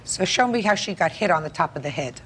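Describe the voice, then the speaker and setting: A woman's voice: lowish voice, animated, quick pace, a bit bright, slight background noise. A woman judge questioning a litigant in court, blunt and skeptical.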